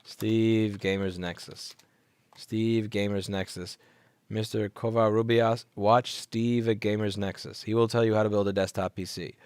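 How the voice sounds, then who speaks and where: Sleepy, blunt man with a low voice. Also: dry recording. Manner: blunt, sarcastic, swears, repeats himself for emphasis. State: sleepy, yawning. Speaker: livestream host reading viewer chat. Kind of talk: casual late-night livestream chat. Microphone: headset microphone.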